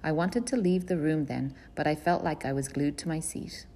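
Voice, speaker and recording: A woman reading a first-person novel aloud in a plain, measured storytelling voice. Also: sits low, dark tone. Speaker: audiobook reader.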